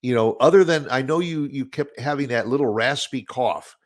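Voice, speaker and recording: A man's voice: mid-range voice, normal speed. A male talk show host who asks his guest probing questions in a conversational way. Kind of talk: interview.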